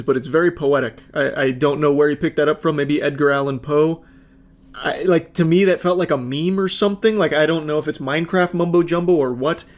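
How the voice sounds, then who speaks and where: A man giving casual reaction commentary, sarcastic and swearing freely. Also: on the high side. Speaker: commentary host.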